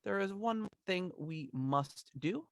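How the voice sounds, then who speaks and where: A man's voice: high-pitched, expressive, slow pace, vocal fry, dry recording, studio quality. A man co-hosting a podcast in easygoing chat, rambling with many restarts. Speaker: podcast co-host.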